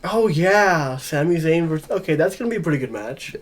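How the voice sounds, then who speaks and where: A man with a rather high voice co-hosts a casual wrestling chat. He sounds easygoing, chuckles often and restarts his sentences as he thinks. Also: lively intonation, fairly quick. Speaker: podcast co-host.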